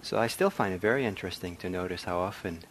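Soft-spoken man with a low voice. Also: fast talker, a little hiss or hum. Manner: soft-spoken, reflective, with frequent ums and restarts. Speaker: meditation teacher. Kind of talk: dharma talk. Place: meditation hall.

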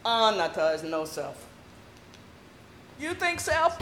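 A woman's voice: a little high, very animated, slow pace, pauses often. An older woman from the American South, with a Southern accent, giving a meditation teaching to a group with playful, laughing asides. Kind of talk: dharma talk to a group. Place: meditation hall. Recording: echoey hall with faint room noise.

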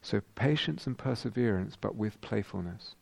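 Low gravelly male meditation teacher. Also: expressive, moderate pace, a little mellow, no room sound. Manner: reflective, searching, frequent ums and rhetorical questions. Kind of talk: dharma talk.

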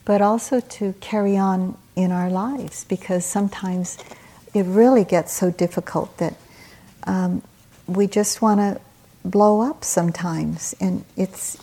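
A woman meditation teacher giving a dharma talk at a retreat, telling stories in a gentle, unhurried way with soft pauses. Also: mid-range voice, fairly even intonation, vocal fry.

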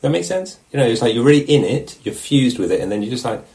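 In a relaxed, conversational dharma talk, a man teaches meditation and frequently checks in with his listeners. His voice sits at medium pitch and he speaks at a quick pace.

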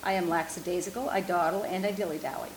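A woman voicing a calm, unhurried male sloth from a picture book, reading his lines in a slow, serene way. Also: lowish voice, reverberant, slight background noise, lightly acted, rough recording. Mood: placid. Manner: slow, serene listing of words.

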